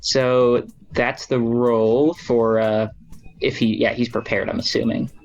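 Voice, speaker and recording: A player speaking casually during a tabletop game, chatting about rolls with quick asides. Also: mid-range voice, little pitch movement, a little mellow, dull audio.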